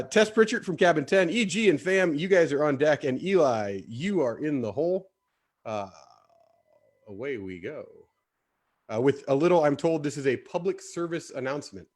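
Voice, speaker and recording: A man emceeing a live show with playful, joking banter. His voice sits a touch high. He keeps things upbeat and moving. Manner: jokey and playful, quick banter. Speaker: host.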